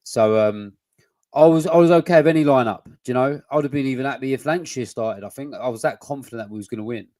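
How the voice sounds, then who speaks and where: A man's voice: mid-range voice, fast talker, dark tone, dry recording. A man, co-hosting a casual football podcast, blunt and sweary with rambling restarts. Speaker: podcast co-host.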